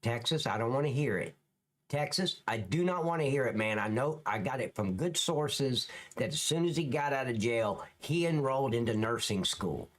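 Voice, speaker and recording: A man's voice: mid-range voice, lively intonation, normal speed. A man ranting profanely and scornfully as a live-stream commentator, reacting to police clips.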